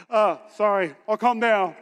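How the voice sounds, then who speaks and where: A pastor preaches to his congregation, joking and animated and pulling the crowd in. His voice is a man's but strikingly high. It rings with the long reverb of a big church hall. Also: clear, resonant tone. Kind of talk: energetic sermon.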